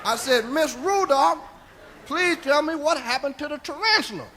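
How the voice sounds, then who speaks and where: A male stand-up comedian telling a profane, rambling tall tale, tagging lines with "see?", going quiet for quoted lines and shouting at the peaks. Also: very high-pitched, expressive, moderate pace, noisy background. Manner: drops to a hushed voice for quoted lines, rises to shouting at the climax. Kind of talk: stand-up storytelling. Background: audience laughter.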